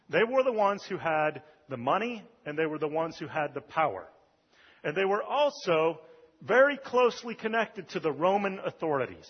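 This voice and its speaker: A male pastor delivers a sermon in a loose, conversational way, pausing on "um" and "uh" between points. His voice sits a little high and has a husky edge. The recording is dull and lo-fi, with the long reverb of a large church hall. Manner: conversational preaching with fillers.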